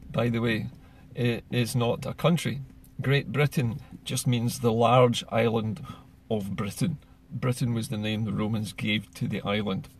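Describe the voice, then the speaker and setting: A man's voice: mid-range voice, creaky, a little hiss or hum. A man, speaking in an earnest, persuasive political monologue full of rhetorical questions. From Scotland. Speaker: political commentator.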